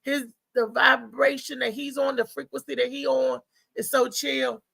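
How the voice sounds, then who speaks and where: A woman hosting a live morning show, chatting loosely and talking straight to her viewers. Her voice sits a bit high and sounds bright and gravelly. It is recorded close and dry, with no room sound. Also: level tone, normal speed, no echo, low-quality recording. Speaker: host. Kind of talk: casual live show chat.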